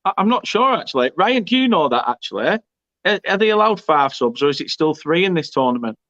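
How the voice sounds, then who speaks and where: A man's voice: on the high side, sing-song, fairly quick, fairly bright tone, dry recording. A man hosting a live football watchalong, reading out viewer comments and cracking jokes, often repeating his words. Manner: chatty, jokey, stumbles and repeats words. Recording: dull lo-fi stream audio.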